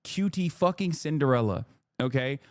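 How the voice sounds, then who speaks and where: A man in his thirties reacting to clips as a streamer, talking casually and shouting in mock outrage. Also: medium pitch, animated, normal speed, no room sound, clean studio sound.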